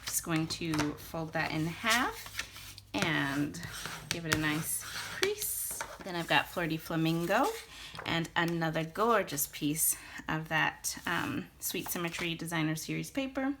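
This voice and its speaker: A woman's voice: sits low, expressive, slow, background noise. A young woman chatting her way through a card-making tutorial, gushing about papers and colors and thinking aloud as she works at her craft table.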